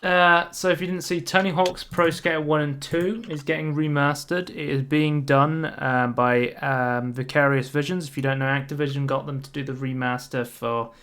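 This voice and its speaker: A man's voice: a little high, moderate pace, few pauses, clear, resonant tone. A young man co-hosting a podcast, chatting casually and reading out game news with frequent ums. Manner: relaxed, reads out news with many ums. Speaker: podcast co-host. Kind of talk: casual chat.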